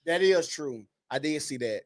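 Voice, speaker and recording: A man's voice: fairly high pitch, expressive, normal speed, dry recording. A man co-hosting a podcast, laid-back and opinionated. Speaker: podcast co-host. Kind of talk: casual commentary chat.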